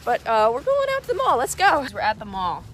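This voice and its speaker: Giggly high-voiced teen vlogger girl. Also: fairly quick. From Atlanta, Georgia. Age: late teens. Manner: excitable, giggly, chatty. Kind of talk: casual vlog. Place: outdoors in snow and in a car.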